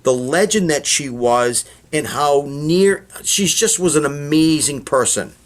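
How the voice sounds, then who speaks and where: Brief: middle-aged comic, slightly high voice, animated, chatty storyteller. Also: male voice, a little slow. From Boston. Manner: rambling, chatty, with many fillers and name-dropping asides. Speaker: comedian and guest. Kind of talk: casual interview storytelling.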